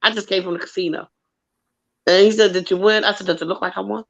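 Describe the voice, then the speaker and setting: A woman telling a long story in casual chat, animated and swearing freely. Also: medium pitch, quick pace, creaky. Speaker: co-host. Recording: dull lo-fi audio.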